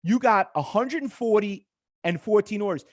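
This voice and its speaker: Speaking at normal speed in a high-sitting voice, this middle-aged trading instructor leads a live class over a chart. He tells animated stories and plays out the quoted back-and-forth himself.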